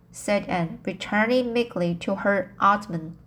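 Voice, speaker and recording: A woman reading a novel aloud for an amateur audiobook. She reads slowly and haltingly, repeating and restarting words as she goes, in an unpolished narration. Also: medium pitch, steady tone.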